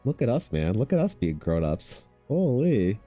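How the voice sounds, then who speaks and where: Chill thirties dude on stream, cussing a lot, low warm voice, faint music behind. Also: male voice, very animated, moderate pace. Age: 30s. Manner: laid-back, swears a lot, mimics people in a higher voice. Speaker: art streamer. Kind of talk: casual chat with chat.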